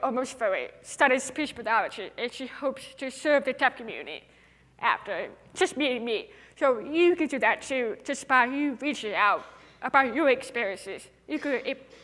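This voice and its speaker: A woman's voice: fairly high pitch, pushed and bright. A young woman with a deaf speaker's accent, giving an earnest, emphatic inspirational talk on stage. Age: young adult. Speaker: TEDx speaker. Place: large hall. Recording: reverberant hall.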